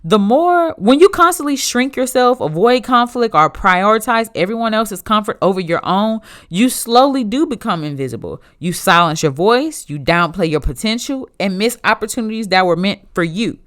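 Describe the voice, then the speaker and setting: A woman's voice: medium pitch, lively intonation, normal speed, hardly any pauses, a bit bright. Young woman, podcast host, emphatic, blunt, conversational, motivational solo talk. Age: young adult.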